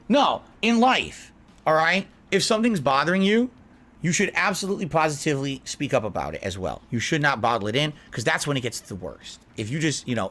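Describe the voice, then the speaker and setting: A streamer speaks straight to his chat in an earnest, lecturing tone, justifying himself. His voice sits a little high for a man. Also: a bit bright. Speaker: live streamer. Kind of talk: monologue addressed to chat.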